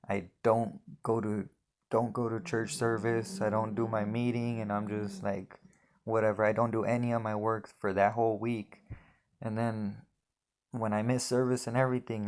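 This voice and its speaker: A young man giving an emotional personal testimony, earnest and halting, often repeating his words. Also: fairly low pitch, gravelly, a little mellow.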